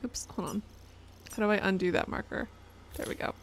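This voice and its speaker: A woman's voice: medium pitch, steady tone, fairly quick. A young woman streamer giving casual, exasperated commentary while playing a game, chatting with her audience. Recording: noticeable background noise.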